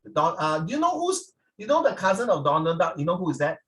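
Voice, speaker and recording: A man teaching a class with lively, teasing coaching. He keeps switching into Mandarin phrases. He sounds somewhat distant from the microphone. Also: fairly high pitch, quick pace.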